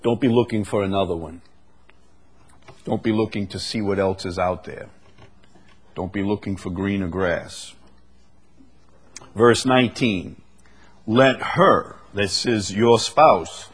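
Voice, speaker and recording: Male preacher, husky, unhurried sermon delivery, leans hard on key words. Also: fairly low pitch. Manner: slow, drawn-out delivery with bursts of emphasis. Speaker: pastor.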